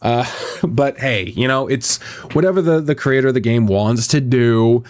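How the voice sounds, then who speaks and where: A man's voice: medium pitch, moderate pace, darkish tone. A man chatting casually on a live stream, rambling, swearing often and reacting to chat as a visual novel voice actor.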